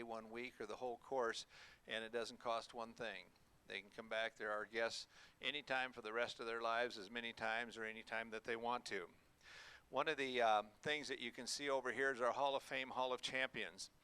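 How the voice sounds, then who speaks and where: Folksy man with a bright, clear voice. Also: medium pitch. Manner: folksy, halting with many fillers. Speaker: auction school owner. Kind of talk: speech to an audience. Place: hotel event room.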